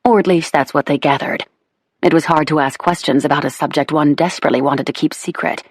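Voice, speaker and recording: A woman narrating a historical romance audiobook with measured, even storytelling into a close studio mic. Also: sits low, husky, no echo. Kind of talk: scripted narration of a romance novel.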